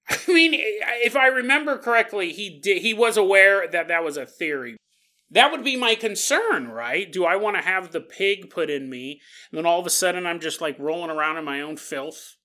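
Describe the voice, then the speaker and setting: A podcast host with a high, expressive, sharp-toned voice rambles through a comedic monologue at a moderate pace. He's jokey and keeps slipping into silly put-on voices.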